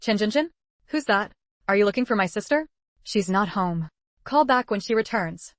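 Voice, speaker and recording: A woman's voice: medium pitch, lively intonation, moderate pace, no room sound, natural voice. Woman reading as a nasal, dismissive youngster.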